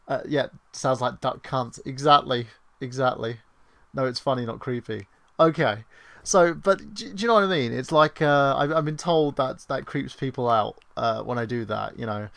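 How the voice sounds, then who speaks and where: Male stream host, chatty and joking, mid-pitched, slightly gravelly. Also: moderate pace, fairly bright tone. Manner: chatty and crude, joking, restarts and trailing asides. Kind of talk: casual rambling chat.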